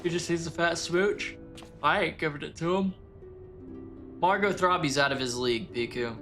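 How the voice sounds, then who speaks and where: Bright-voiced joking male streamer. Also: on the high side, normal speed, soft background music. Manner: joking, crude, talks straight to chat. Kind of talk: casual gameplay chat with viewers.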